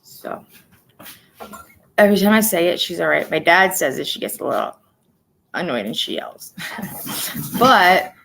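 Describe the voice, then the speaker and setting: A woman in her forties giving a personal livestream update, soft-spoken and halting, often dropping to a near-whisper. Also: on the low side, expressive, vocal fry, slight background noise, poor audio. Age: 40s. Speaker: livestream host.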